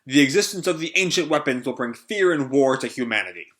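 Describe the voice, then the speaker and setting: A man reading the lines of a huge, menacing male pirate emperor who makes booming proclamations, in a bright voice. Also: lively intonation, quick pace, natural voice. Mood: proclaiming.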